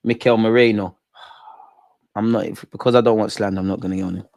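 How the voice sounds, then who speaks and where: A man's voice: fairly low pitch, fairly even intonation, fairly quick, creaky, a little mellow, no room sound, clean studio sound. A young man doing live, jokey, slang-filled football watch-along banter with his chat. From England.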